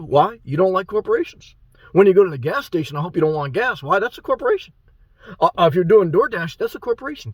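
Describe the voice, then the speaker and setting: A man's voice: fairly high pitch, no room sound. A man giving a rambling, blunt and profane monologue to his viewers as a motivational YouTuber.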